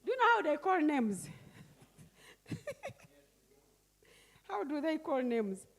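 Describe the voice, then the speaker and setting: Slow, high-voiced woman teaching. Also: sing-song, gravelly, a little mellow. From Uganda. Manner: asks the audience questions and repeats key words. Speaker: workshop facilitator. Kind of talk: interactive teaching workshop. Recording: echoey hall.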